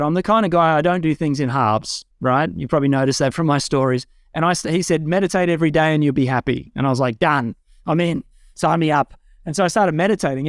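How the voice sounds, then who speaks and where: Here a man in his 40s from Australia shares his life story as a guest, earnest and candid, his telling rising into excited quotes of himself. The voice sits slightly high and smooth, captured echo-free with clean studio sound in a home room lined with a bookshelf.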